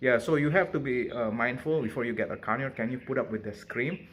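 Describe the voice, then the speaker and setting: Chatty man with a bright voice. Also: medium pitch, fairly quick, a little hiss or hum. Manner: chatty, laughs often, coos at his bird. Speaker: pet bird owner vlogger. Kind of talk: casual talk to camera.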